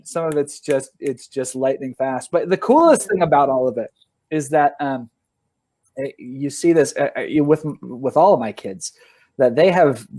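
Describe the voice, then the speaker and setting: A man talking as a guest on a podcast, telling family stories in easy, animated conversation. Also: a little high. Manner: storytelling, animated when quoting his kids. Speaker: podcast guest, author and father. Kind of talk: casual conversation.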